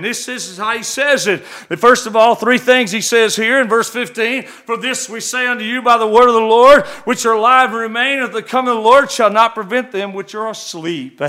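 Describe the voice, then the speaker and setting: A middle-aged man, preaching a sermon in a church, fervent and swelling to shouts, with folksy asides. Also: very high voice, a little fast, few pauses. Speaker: visiting preacher. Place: church sanctuary.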